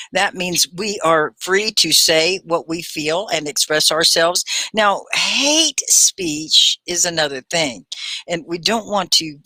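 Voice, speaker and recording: A woman teaching English live online, her bright voice rising and falling in lively swoops. She chats encouragingly with her students, and the sound is close and dry, with no room around it. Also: on the low side, dry recording. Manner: warm, encouraging, chatty with viewers. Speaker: ESL teacher hosting a livestream class.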